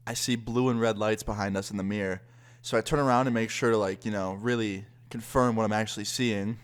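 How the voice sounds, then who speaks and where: A man's voice: on the low side, smooth. A young man telling a story to camera in a casual, chatty way, full of fillers. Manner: chatty, lots of fillers like 'like'. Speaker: vlogger.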